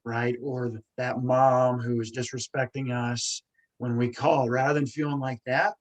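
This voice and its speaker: A man's voice: mid-range voice, little pitch movement, measured pace, poor audio. A man hosting a podcast conversation who stutters, repeating words as he talks in an earnest, emphatic way. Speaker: podcast host. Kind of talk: conversational interview talk.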